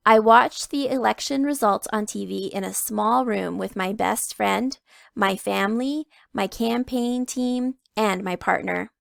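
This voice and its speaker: A woman reading a picture book aloud to children, telling it in the first person with expressive emphasis. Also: medium pitch, measured pace, creaky, no echo, clean studio sound. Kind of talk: read-aloud storytelling.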